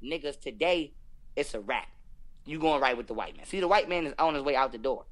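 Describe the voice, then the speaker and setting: Young man, podcast guest, rapid-fire profane ranting, slightly high voice. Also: lively intonation. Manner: profane, emphatic, preachy ranting. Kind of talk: heated casual conversation.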